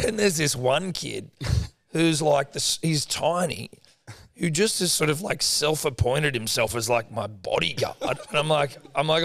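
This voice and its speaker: A man's voice: a little high, animated, unhurried, creaky, a bit bright, dry recording. A young man retelling a story in a casual podcast chat, laid-back and swearing often. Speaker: podcast co-host.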